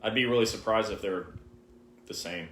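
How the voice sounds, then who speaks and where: A man co-hosts a live question-and-answer stream, his voice sitting on the low side. He gives direct, emphatic advice and repeats key points. The room around him rings with echo. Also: normal speed, a bit bright, a little hiss or hum. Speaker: co-host answering viewer questions. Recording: roomy, echoey live stream.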